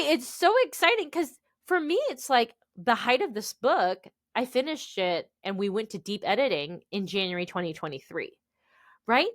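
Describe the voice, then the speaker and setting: A woman in her thirties from the United States, an author telling stories as a guest on a podcast interview in an animated, expressive way. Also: on the high side, dry recording, clean studio sound.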